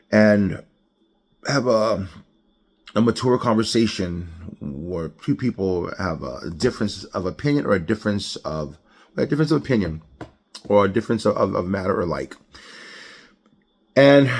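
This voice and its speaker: A man giving an informal devotional sermon, talking conversationally, often repeating and restarting words and acting out short panicked voices. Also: lowish voice. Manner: conversational, acts out panicked voices in quick asides. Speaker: preacher.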